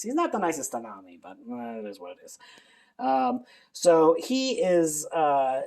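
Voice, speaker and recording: Man, casual vlog host, rambling, chatty, frequent laughter, lively pitch. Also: measured pace, vocal fry. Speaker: channel host. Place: at home.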